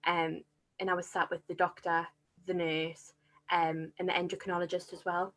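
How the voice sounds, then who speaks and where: A woman's voice: on the low side, flat delivery, moderate pace, fairly bright tone. A young woman, candidly telling her own story as a podcast guest. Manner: candid, self-deprecating storyteller. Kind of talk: casual chat.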